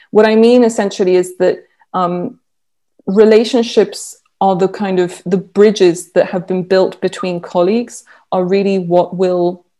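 Mellow-voiced woman researcher, hesitant. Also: mid-range voice. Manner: hesitant, many fillers and restarts. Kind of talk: interview answer.

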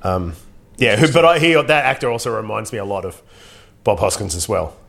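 Gravelly-voiced male co-host, low, hesitant and rambling. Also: very animated, brisk, fairly bright tone. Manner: rambling, hesitant with many ums. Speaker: podcast co-host. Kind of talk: casual film discussion.

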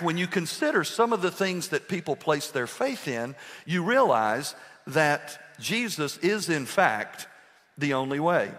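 Male pastor, passionate sermon delivery with storytelling asides, slightly high voice, echoing sanctuary. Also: a bit bright. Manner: impassioned preaching with rising emphasis, conversational storytelling asides.

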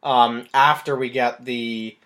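A man's voice: mid-range voice, steady tone, takes it slowly, fairly bright tone. A man co-hosting a podcast, reviewing a film in loose, rambling talk. He leans on fillers as he builds his points, in a mid-range voice. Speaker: podcast co-host. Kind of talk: casual film-review chat.

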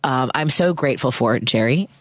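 A woman's voice: extremely low pitch, animated, normal speed, no room sound. A woman hosting a radio talk show, chatting casually and joking at her own expense. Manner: conversational, laughs easily, self-deprecating. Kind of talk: casual on-air chat. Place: radio studio.

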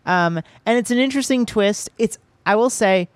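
A podcast co-host chatting casually and rambling through a movie recap with small laughs. The voice sits at an even middle pitch and was recorded dry and close. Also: moderate pace, clean tone, dry recording. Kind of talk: casual chat.

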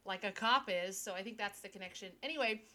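A woman's voice: medium pitch, fast, pushed and bright. A woman co-hosting a casual podcast chat, giggly and rambling, often restarting her sentences. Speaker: podcast co-host.

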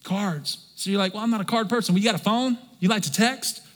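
A pastor preaching a sermon to his congregation, swinging between soft low passages and loud emphatic calls for response. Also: quick pace. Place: large church hall. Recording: long hall reverb.

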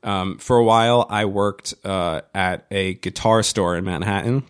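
Brief: guy on a podcast, lowish voice, rambling story, swears a lot, keeps restarting. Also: fairly even intonation, a little slow, clean tone. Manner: rambling, profane, many restarts and fillers. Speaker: podcast co-host. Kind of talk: casual storytelling chat.

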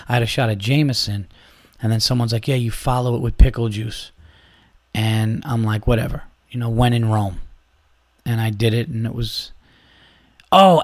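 Man, podcast host, casual storytelling, swears, mid-pitched voice, dry close sound. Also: no room sound. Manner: animated storyteller, acts out quotes, swears. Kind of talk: casual chat.

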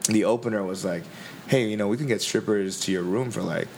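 A man's voice: fairly low pitch, a little fast, noisy background. A man who does comedy gigs, chatting casually and mocking himself, laughing through his lines. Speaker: comedian host. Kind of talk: casual chat.

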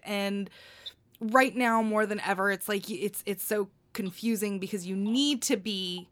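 A woman's voice: medium pitch, a little slow, fairly bright tone. A woman hosting a podcast, talking casually with many restarts and filler phrases. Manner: rambling, many you-knows and restarts. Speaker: podcast host.

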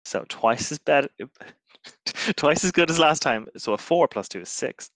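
A man's voice: on the high side, animated, measured pace, fairly bright tone, dry recording. A man playing a tabletop game, rambling playfully with lots of fillers and joking asides. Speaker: player. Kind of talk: casual tabletop play.

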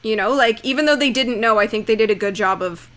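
A young woman with a bright, forceful, fairly high voice co-hosts a casual podcast. She reacts eagerly and keeps jumping in with her own questions and thoughts. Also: fast talker. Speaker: podcast co-host.

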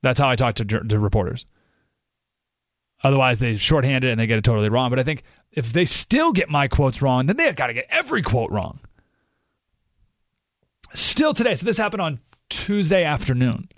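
Recorded dry on a studio microphone with no echo, this medium-pitched male talk radio host from around San Diego delivers a conversational monologue. He's emphatic, drags his pace way down to stress points, and breaks into animated bursts.

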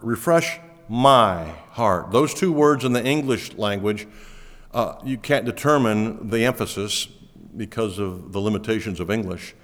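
A man preaching a sermon as pastor, pushing key words up loudly, then falling back low and quiet. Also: a little slow. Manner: emphatic, rising to stress key words, then dropping low. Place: church auditorium. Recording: long hall reverb.

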